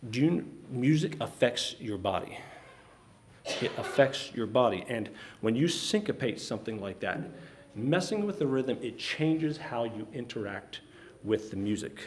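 A man preaching a sermon, earnest and halting, often restarting his sentences. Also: mid-range voice, a little mellow, slight background noise.

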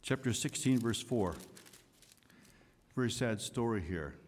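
A man preaching a sermon, swinging from loud emphatic lines to soft hushed asides. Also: mid-range voice, expressive, measured pace. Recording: long hall reverb.

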